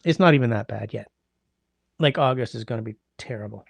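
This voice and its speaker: Gravelly man chatting with livestream viewers. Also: medium pitch, brisk. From Canada. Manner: rambling, greets chatters by name, hums while scrolling. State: congested sinuses. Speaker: livestream host. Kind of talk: casual livestream chat with viewers. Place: indoors at home.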